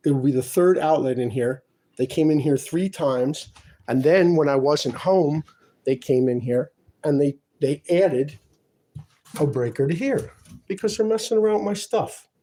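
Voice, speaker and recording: A man's voice: fairly high pitch, warm tone. A man filming in his own apartment on a handheld phone, talking in an aggrieved, insistent way and repeating himself. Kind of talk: agitated self-filmed complaint.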